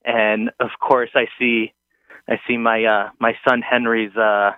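A man's voice: mid-range voice, level tone, unhurried, clear, resonant tone, dry recording. A man in his thirties rambles through a story, stalling on fillers and restarts. His voice comes through a tinny, phone-like line and sounds dry and close. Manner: rambling, hesitant, lots of fillers.

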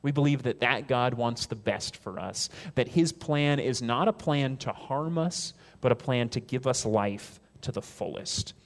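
A male pastor preaching a sermon, stressing points with rising emphasis and quoting God in a softer, lower voice. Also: measured pace, gravelly, few pauses.

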